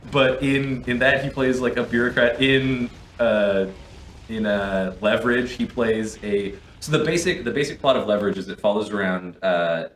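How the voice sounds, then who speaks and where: A young man with a lowish voice talks casually while gaming, rambling through long retellings full of restarts and asides. The sound is roomy and echoey, with a faint hiss behind it. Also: fairly bright tone. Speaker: co-host and player. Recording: echoey room, faint noise.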